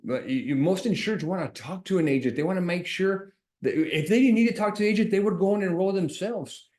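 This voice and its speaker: A man working as an insurance agent who talks straight to his viewers, animated and sarcastic, explaining while he shares his screen. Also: medium pitch, reverberant.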